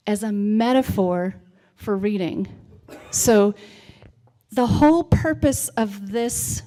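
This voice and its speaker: Speaking in a mellow, somewhat high voice, this literacy presenter from the United States addresses a civic audience. She's a middle-aged woman who keeps her reading talk conversational, often tossing in "right?".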